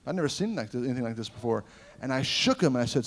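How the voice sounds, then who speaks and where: A middle-aged man preaching a revival sermon at mid pitch. He tells personal stories with animated energy, rising to loud, ringing lines and dropping to hushed, intimate asides. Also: very fast.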